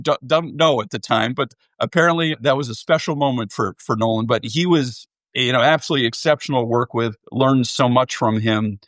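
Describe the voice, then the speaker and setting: A man's voice: mid-range voice, fairly quick, hardly any pauses, a bit bright, no room sound. A middle-aged man, a former baseball executive, chatting candidly as an interview guest with anecdotes and self-deprecating humor. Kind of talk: casual interview chat.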